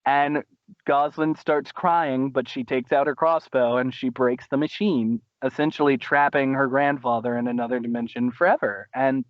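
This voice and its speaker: A man hosting a podcast, casually recapping a cartoon episode in an animated way, laughing and acting out quotes. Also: moderate pace, no room sound, muffled recording. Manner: animated, laughing, acts out quotes in high voices. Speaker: podcast host.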